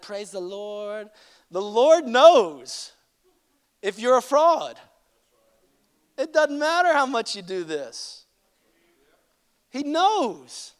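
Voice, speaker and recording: Male preacher, high bright voice, animated and humorous, punchy loud-to-quiet swings, acts out quotes. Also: clear, resonant tone. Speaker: pastor. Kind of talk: sermon.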